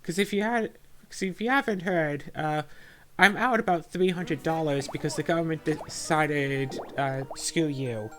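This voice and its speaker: A young woman with a fairly low voice rambles through a frustrated, sarcastic rant while she plays a game. Soft game music sits faintly behind her casual talk. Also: a little slow. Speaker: let's play host. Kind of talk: casual commentary while gaming.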